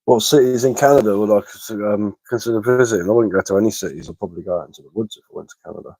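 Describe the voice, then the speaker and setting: A man, a little hoarse from being ill, chatting casually on a livestream and answering comments with lots of hesitant fillers and repeated words. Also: fairly low pitch, racing, darkish tone, no echo, rough recording. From England. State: slightly hoarse from illness. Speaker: bushcraft livestreamer.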